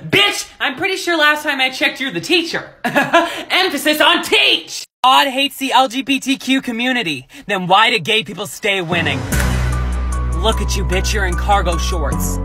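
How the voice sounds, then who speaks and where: A young adult creator doing sassy, profane comedic rants to the camera with dramatic outbursts. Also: male voice, extremely high pitch, expressive, moderate pace, sharp tone, soft background music. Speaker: TikTok creator.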